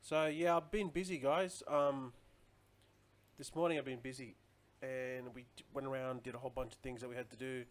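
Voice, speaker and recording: A man's voice: mid-range voice, fairly even intonation, normal speed. A man chatting casually on a live stream, rambling loosely and answering viewer comments as he goes.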